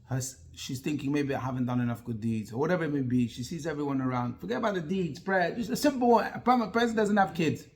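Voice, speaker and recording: A man's voice: on the high side, fast, few pauses. A man, a rabbi, teaching an interactive class and firing rhetorical questions at his listeners. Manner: animated, asks the class many rhetorical questions.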